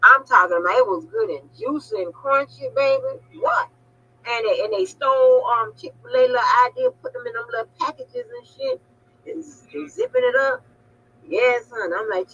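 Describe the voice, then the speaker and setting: A woman hosts a casual phone chat, storytelling with big laughs and plenty of "honey" and "baby". Her voice sits high and bright, and the audio is dull and lo-fi. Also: normal speed, slight background noise. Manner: animated, laughing, loud storyteller who calls people honey and baby. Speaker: channel host on a phone call.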